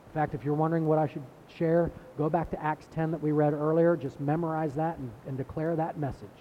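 A man delivers a sermon in a relaxed, conversational way, stumbling over and repeating words as he builds toward his points. His voice sits a little high for a man. The recording sounds slightly muffled, with a faint low rumble underneath. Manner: conversational preaching, repeats words, rising emphasis. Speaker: pastor.

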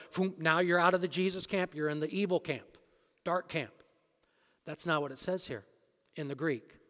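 A man preaching a sermon as a pastor, emphatic, rising to loud peaks and dropping low again. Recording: long reverb of a large hall.

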